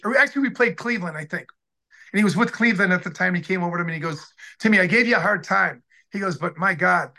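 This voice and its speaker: Former athlete guest, sixties, male; energetic motivational storyteller, restarts a lot. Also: sits high. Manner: upbeat, motivational, rambling with restarts. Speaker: interview guest, former pro football player. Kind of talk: casual interview storytelling.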